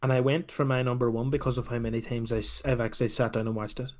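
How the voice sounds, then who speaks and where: A man chatting on a podcast, animated and swearing freely as he acts out film scenes. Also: medium pitch, fast. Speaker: podcast co-host. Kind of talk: casual chat.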